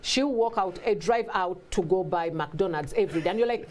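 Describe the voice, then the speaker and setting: A woman guest in a casual talk, telling stories with lively acted-out quotes and frequent laughter. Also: medium pitch, moderate pace. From Africa. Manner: animated storytelling, acts out quotes, laughs often. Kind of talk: casual conversation.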